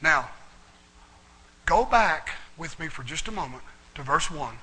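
Animated folksy preacher man. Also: fairly high pitch, unhurried, husky, low-quality recording. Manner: folksy, animated storytelling with Southern turns of phrase. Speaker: pastor. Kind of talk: sermon with storytelling.

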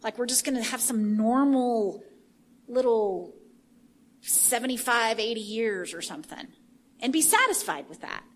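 A woman preaching a sermon in an animated way, swinging from hushed asides to shouting. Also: on the high side, unhurried, slight background noise.

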